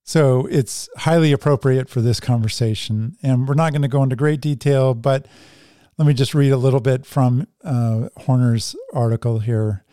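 A man's voice: medium pitch, steady tone, moderate pace, warm tone, no echo, studio quality. A man teaching a Bible passage in a conversational lecture style, reading quotations aloud from articles. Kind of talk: teaching talk on scripture.

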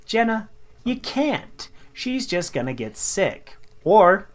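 A woman's voice: mid-range voice, very animated, slow pace. A woman co-hosting a radio show, reading listener tweets aloud in a giggly way and acting out the quoted lines.

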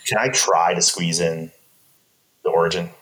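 A middle-aged man, a podcast guest, telling a personal story in an earnest, reflective way with halting restarts. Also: low-pitched, fairly even intonation, a bit bright, poor audio.

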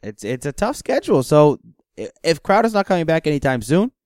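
A man's voice: a little high, sing-song, fairly quick, darkish tone, dry recording, studio quality. A man co-hosting a casual sports podcast, loose and joking, leading the questions. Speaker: podcast co-host.

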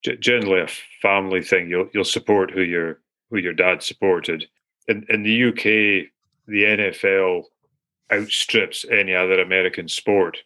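Deep bright-toned man. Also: steady tone, normal speed. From Britain. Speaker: podcast co-host. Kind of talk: casual chat.

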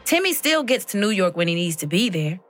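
A woman hosting and narrating a documentary podcast in an expressive storytelling manner. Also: mid-range voice, brisk, soft background music.

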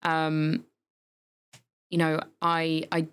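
Woman, podcast co-host, casual rambling chat, fillers and restarts, slightly low voice. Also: completely flat delivery, very slow, a bit bright, clear, resonant tone.

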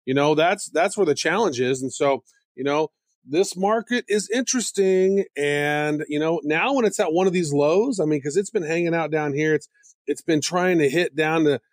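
A man co-hosting a podcast in casual chat, excitable and given to jumping into high squeals when joking. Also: moderate pace, dry recording, clean studio sound. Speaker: podcast co-host.

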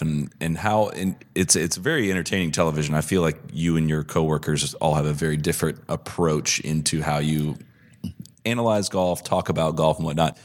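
A man hosting a podcast, asking questions in a casual, curious way. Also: very deep voice. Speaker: podcast host. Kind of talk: interview questions.

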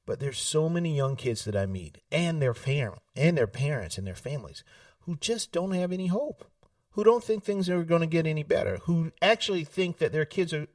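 Animated man, set back from mic. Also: mid-range voice, dry recording, studio quality, far from the mic. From South Carolina. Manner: animated, laughs often, acts out family voices. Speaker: political candidate, guest. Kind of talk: casual storytelling interview.

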